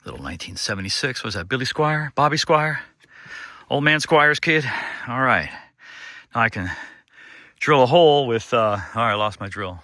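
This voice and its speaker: A man's voice: medium pitch, animated, normal speed, long pauses, bright, forceful tone, no room sound, clean studio sound. Wry, short-winded man talking to himself. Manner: wry, joking, talks to himself. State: short of breath. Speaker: DIY builder vlogger. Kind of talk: casual self-narration while working. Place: outdoors on a wooded slope.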